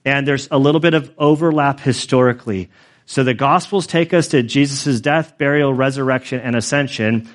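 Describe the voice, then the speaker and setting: A male pastor giving a sermon in a relaxed, conversational way, with prayers and a personal story. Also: mid-range voice, moderate pace. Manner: conversational, storytelling with self-corrections.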